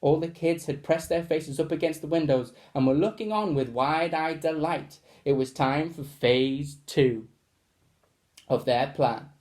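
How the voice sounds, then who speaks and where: A man reading a children's storybook aloud in a lively way, adding sound effects as he goes. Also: on the high side, measured pace.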